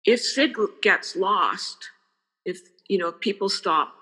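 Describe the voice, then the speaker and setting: A woman's voice: mid-range voice, measured pace, pushed and bright, slightly rough, big-room sound. An older woman, a guest in a casual interview, speaking earnestly and repeating phrases for emphasis. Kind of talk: casual conversation.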